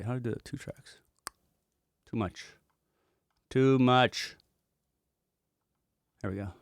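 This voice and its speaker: A man's voice: fairly low pitch, vocal fry, no room sound, studio quality. A man who is a music producer, walking through a project in a casual livestream, talking loosely and rambling with casual swearing.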